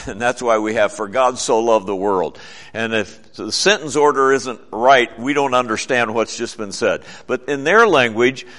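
A man giving a sermon in an earnest teaching manner, slowing down to stress key words. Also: mid-range voice, fairly bright tone. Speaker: preacher.

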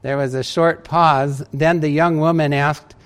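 A pastor preaching a sermon, telling light, humorous stories in an easy storytelling manner. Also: male voice, a little high, fairly even intonation, unhurried, clean tone.

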